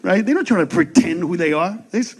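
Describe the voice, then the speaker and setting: A man doing a profane stand-up comedy set, ranting fast, shouting punchlines and acting out voices. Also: high-pitched, animated, some chatter behind.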